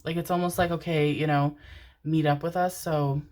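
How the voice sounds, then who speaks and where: A woman's voice: low-pitched, steady tone, normal speed, darkish tone. A young woman giving a rambling, chatty tarot reading to her viewers, with laughs and the odd swear. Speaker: tarot card reader. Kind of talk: casual pick-a-card reading.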